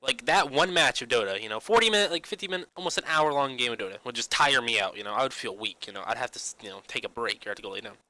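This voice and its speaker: A man's voice: mid-range voice, racing, hardly any pauses, bright, forceful tone, poor audio. A young man ranting casually about games, padding nearly every phrase with "you know", restarting often and swearing now and then. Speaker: gaming vlogger. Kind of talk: rambling casual rant.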